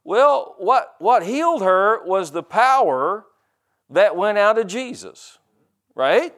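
A man's voice: high voice, sing-song, slow pace, fairly bright tone. An older man preaching a sermon in a folksy, conversational way, often repeating and restarting words and acting out quoted voices. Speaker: pastor.

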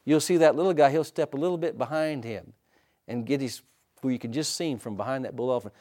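A man preaching a sermon as pastor, asking his listeners for responses and swinging from hushed to loud. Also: medium pitch, fast talker. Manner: asks the congregation for responses.

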